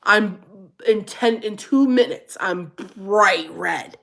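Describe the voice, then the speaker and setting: A middle-aged woman hosting a casual livestream chat, animated and laughing often, going high and squealy when she quotes herself. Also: takes it slowly, creaky. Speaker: livestream host.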